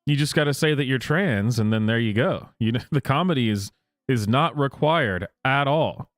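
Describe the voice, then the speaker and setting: A man hosting casual reaction commentary, incredulous and halting, often breaking into laughter. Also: mid-range voice, no room sound, studio quality, soft background music. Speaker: host.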